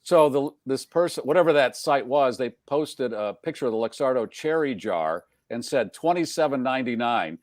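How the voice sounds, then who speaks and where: A man's voice: medium pitch, expressive, normal speed, hardly any pauses, no room sound, studio quality. Jokey male talk show host. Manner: jokey, rambling, laughs often. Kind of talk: casual chat.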